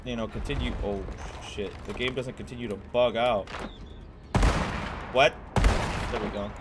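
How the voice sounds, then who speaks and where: A man casually commenting on his video game playthrough, swearing and excitable. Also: mid-range voice, normal speed, background noise. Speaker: gamer. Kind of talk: let's play commentary. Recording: game audio behind the voice.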